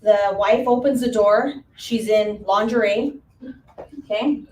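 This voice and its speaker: A woman real estate agent on a panel, telling a story with lively acted-out quotes and easy laughs. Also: medium pitch, takes it slowly. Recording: roomy, from far off, faint room noise.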